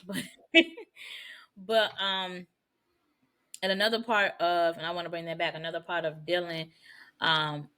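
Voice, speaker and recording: A woman co-hosting a podcast in casual chat, talking in a relaxed, slangy way with laughing asides. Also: sits low. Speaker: podcast co-host.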